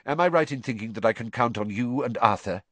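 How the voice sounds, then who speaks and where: A man voicing a wise old headmaster wizard who speaks in a measured, grave and authoritative way. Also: mid-range voice, lively intonation, fairly bright tone, dry recording. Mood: commanding.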